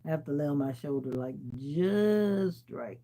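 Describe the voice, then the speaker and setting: A woman's voice: low-pitched, animated, unhurried, dark tone, low-quality recording. A woman from Jamaica chatting casually on a livestream, answering viewers' comments and laughing often. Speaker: livestream host. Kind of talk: casual live-stream chat.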